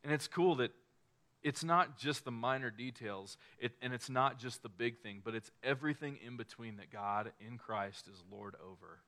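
A man's voice: medium pitch, normal speed, pushed and bright. Man, preacher, sermon, conversational, restarts, mid-range voice. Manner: casual, conversational preaching with restarts and acted-out quotes.

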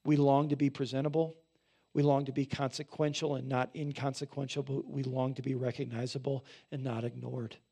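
A man preaching a sermon in a conversational way, often checking in with listeners and swelling louder on emphatic points. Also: mid-range voice, level tone, a little fast, slightly rough. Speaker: pastor.

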